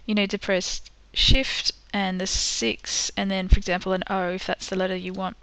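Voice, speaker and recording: A woman teaching a screen-recorded software tutorial, patient and step by step, with frequent ums. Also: medium pitch, little pitch movement, moderate pace, no echo.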